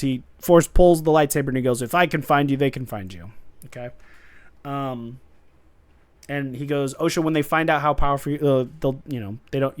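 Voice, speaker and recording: A man's voice: medium pitch, clean tone, no room sound. A man co-hosting a podcast, recapping a show in casual chat and acting out characters' lines with laughs. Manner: animated, acts out lines with laughs. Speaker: podcast co-host.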